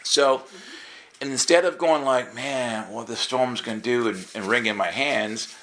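A man preaching in a casual storytelling way, acting out the dialogue with sudden jumps in his voice. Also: measured pace. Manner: animated storytelling, acts out dialogue with jumps in pitch. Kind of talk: storytelling sermon.

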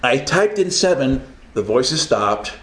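A man's voice: medium pitch, sing-song, slow pace, fairly bright tone. Guy telling a story and laughing, acts out the voices, echoey room with a bit of hiss. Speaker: self-published Christian author. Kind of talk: casual storytelling conversation. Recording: roomy echo, faint background noise.

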